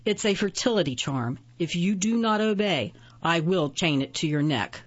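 A woman's voice: on the low side, lively intonation, normal speed, dull audio. A woman voicing an arrogant, scheming young nobleman who speaks in a haughty, commanding way, in a storybook reading.

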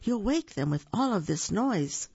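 Storyteller doing a scared little monster boy, high jumpy voice, husky, dull lo-fi recording. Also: big pitch swings, unhurried, darkish tone, dry recording, heavily acted. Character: timid little monster boy, easily frightened.

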